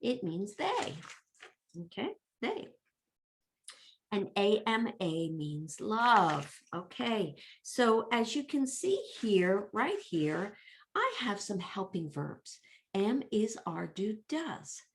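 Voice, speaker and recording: A woman's voice: medium pitch, sing-song, slow, gravelly, a little hiss or hum. A middle-aged woman teaching a Latin lesson for children, patiently repeating words, spelling them out and checking in with "okay" and "right.".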